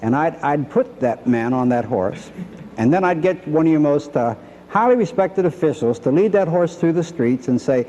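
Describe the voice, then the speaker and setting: A man's voice: a little high, expressive, normal speed, mellow, long reverb tail, poor audio. An older man teaching a Bible lesson, retelling the story and acting out the characters' lines.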